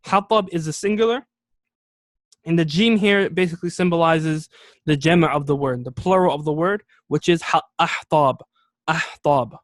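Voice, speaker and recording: A man teaching an Arabic lesson, explaining words step by step, repeating key terms slowly and often checking in with "okay?". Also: on the high side, no room sound, studio quality. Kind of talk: classroom lesson.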